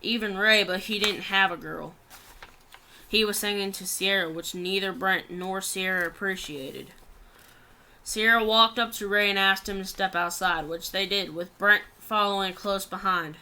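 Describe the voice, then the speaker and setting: A woman's voice: mid-range voice, steady tone, normal speed, bright, forceful tone. A woman reading a long story aloud in a plain way, often stumbling and restarting words.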